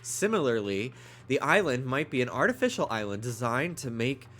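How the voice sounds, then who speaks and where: Stuffed-up male streamer, lively delivery, reads game text, playful and joking. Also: medium pitch, moderate pace, soft background music. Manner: playful, stumbling over words, joking asides. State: stuffed up, congested. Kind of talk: reading game dialogue aloud on a stream.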